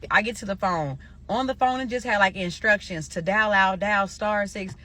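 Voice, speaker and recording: A woman from Nebraska casually telling a personal story to viewers, animated and profane, calling them "y'all". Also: mid-range voice, normal speed. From Omaha, Nebraska.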